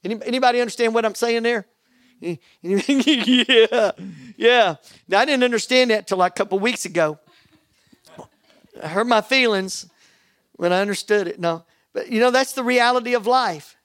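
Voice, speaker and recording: A man preaching a sermon, telling a personal story with animated quoted dialogue. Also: very high voice, moderate pace, smooth, no echo, studio quality. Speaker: pastor.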